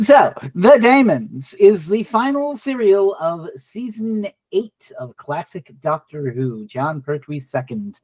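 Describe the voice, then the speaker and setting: A woman hosts a casual podcast over a video call, her voice swinging up and down with lively energy. She delivers playful, jokey introductions. The sound is dry and close, with no room echo. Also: on the low side, takes it slowly, hardly any pauses. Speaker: podcast host. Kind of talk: casual panel chat.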